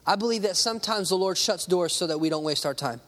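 A man's voice: high voice, fast talker, fairly bright tone, a little hiss or hum. A male pastor preaching a conversational sermon, acting out little voices and talking straight to the congregation. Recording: long hall reverb.

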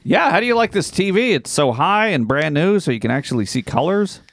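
A male podcast co-host trading teasing jokes in loose banter. His pitch swings widely as he talks. The recording is dry and close. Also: sing-song, a bit bright, dry recording. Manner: teasing, quick banter and laughs. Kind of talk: casual chat.

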